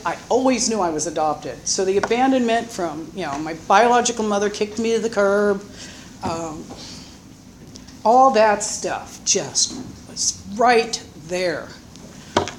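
A middle-aged woman from Florida with a Southern accent, telling her own life story in a halting way, full of pauses and fillers. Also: medium pitch, slight background noise. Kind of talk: personal life story, told unscripted.

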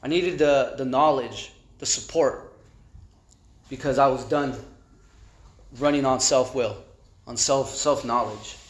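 A man giving personal testimony at a recovery meeting, halting and repeating words with conversational fillers. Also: medium pitch. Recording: echoey room.

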